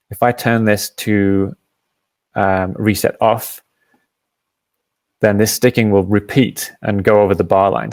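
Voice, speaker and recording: A man hosting a live app demo, patiently explaining each step and often pausing with "um". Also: fairly low pitch, creaky, no room sound. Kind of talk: software demo and Q&A.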